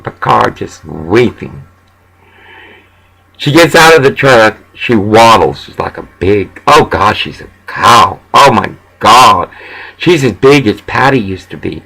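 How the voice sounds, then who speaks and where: A man's voice: mid-range voice, vocal fry, fairly bright tone, slightly rough, poor audio. A man vlogging a rambling, profane rant, scattered and broken by chuckles. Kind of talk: rambling monologue.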